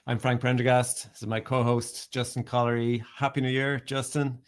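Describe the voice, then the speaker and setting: A man hosting a podcast, explaining things casually with many pauses, fillers and repeated words. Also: medium pitch, flat delivery. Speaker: podcast host.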